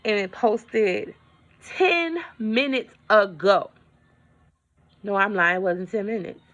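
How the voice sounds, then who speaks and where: A woman's voice: mid-range voice, takes it slowly, fairly bright tone. A woman vlogger in a casual update, telling a story in a chatty way and talking straight to her viewers.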